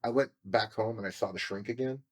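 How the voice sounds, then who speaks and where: A man with a fairly low voice speaks as a podcast guest, telling a painful personal story with raw candor. He swears freely and acts out what others said to him. His delivery is confessional and emotional throughout. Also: quick pace, husky. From California. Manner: raw, profane, re-enacts what people said. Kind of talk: candid storytelling interview.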